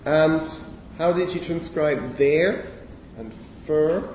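A man's voice: on the high side, takes it slowly, darkish tone, distant mic, a little hiss or hum. Male lecturer in an echoey hall. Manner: explanatory, addresses students with frequent okays. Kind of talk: university phonetics lecture.

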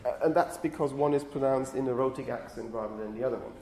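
A man's voice: medium pitch, fast talker, dark tone, roomy sound, slight background noise. A male university lecturer explaining phonetics, often checking in with "okay?". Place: lecture hall.

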